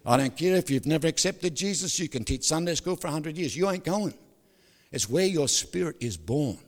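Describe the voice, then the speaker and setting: Older pastor preaching, joking. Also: male voice, a little high, lively intonation, normal speed. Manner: jokey, storytelling, with sudden loud outbursts. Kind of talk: sermon. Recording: hall reverb.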